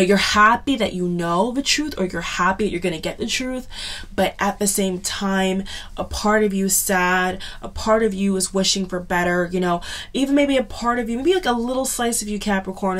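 A woman giving a casual tarot reading to camera, chatty and subdued, often checking in with "okay?" and "you know". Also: medium pitch. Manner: chatty, repeats "okay?" and "you know" often, drags some words slowly; subdued, sighing tone. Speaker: tarot reader.

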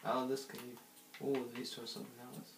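A man's voice: mid-range voice, little pitch movement, a little fast, creaky, noisy background. A man giving casual gameplay commentary, rambling and giggly, talking to himself while he plays. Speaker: gaming channel host. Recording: roomy echo.

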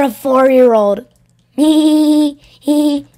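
A high-voiced woman talks slowly through a game roleplay at her computer. She stammers, repeats herself and breaks into frantic yelling bursts. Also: expressive. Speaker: gameplay roleplayer. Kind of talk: voiced roleplay over gameplay.

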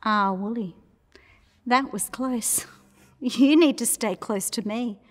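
A woman voicing a kind, caring male shepherd who coaxes his sheep along gently but firmly. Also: fairly high pitch, takes it slowly, long reverb tail. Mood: tender. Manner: gentle coaxing.

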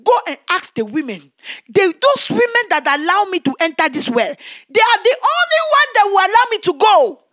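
A woman's voice: extremely high pitch, sing-song, normal speed, fairly bright tone, dry recording, clean studio sound, pitched above the performer's own voice, full character voice. A woman voicing a proud, defiant female spirit living in a well, talking boldly and tauntingly.

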